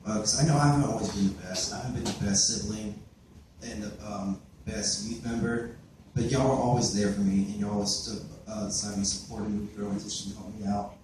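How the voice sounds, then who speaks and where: A man's voice: lowish voice, steady tone, brisk, far from the mic, background noise. Teenage boy speaking in an echoey hall. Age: late teens. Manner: hesitant, many fillers and restarts. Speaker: youth giving a church testimony. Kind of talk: personal testimony speech. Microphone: far camera recorded by his father.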